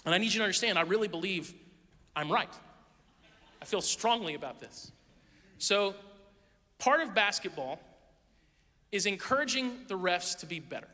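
A man's voice: sits high, lively intonation, moderate pace, pauses often, pushed and bright. A middle-aged man, a pastor, giving a conversational sermon with candid, self-deprecating stories, recorded in a church sanctuary. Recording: long reverb of a large hall.

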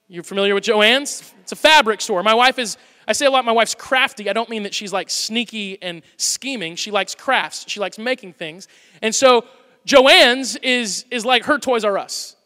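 A man in his thirties preaching a sermon in a church, animated and conversational with playful asides. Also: very high voice. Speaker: pastor. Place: church auditorium. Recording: hall reverb.

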